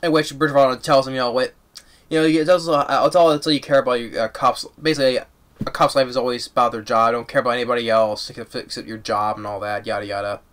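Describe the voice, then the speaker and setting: A fast-talking man with a mid-range voice gives a casual, rambling movie review. He excitedly recaps the plot and keeps restarting his sentences.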